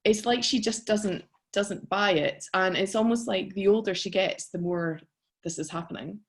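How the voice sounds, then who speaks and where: Soft-spoken mother murmuring on a call. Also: mid-range voice, moderate pace. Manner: quiet listener, soft agreeing murmurs. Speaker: caller, mother of a preteen daughter. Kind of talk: asking advice on a call. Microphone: video call.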